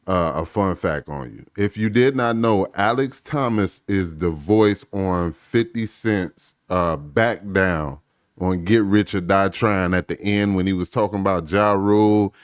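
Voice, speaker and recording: A man's voice: sits low, measured pace, clean tone, dry recording, clean studio sound. A man hosting a reaction channel, talking in a laid-back, slangy, conversational way. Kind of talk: casual reaction commentary.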